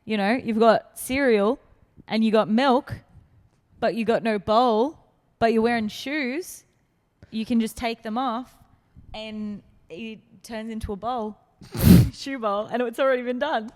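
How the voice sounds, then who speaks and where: A woman co-hosting a podcast, blunt and animated in casual chat. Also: a little high, long reverb tail. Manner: animated, blunt, quick to react. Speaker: podcast co-host.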